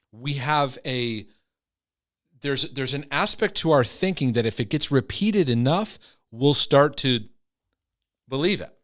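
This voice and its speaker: A middle-aged man speaks in an easy, conversational teaching style at an average pitch. He talks directly to his listeners, slips into quick acted-out voices, and tags his points with questions to keep them with him. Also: a bit bright. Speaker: Christian teacher on anxiety and OCD. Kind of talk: casual teaching talk.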